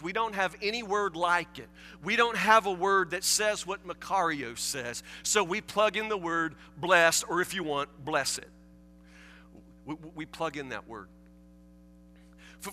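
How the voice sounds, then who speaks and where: A man preaching in a church, with a high voice and a very bright, forceful tone. He talks conversationally, often stumbling and restarting words as he explains. The sound carries a long hall echo with faint music underneath. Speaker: pastor. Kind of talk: sermon.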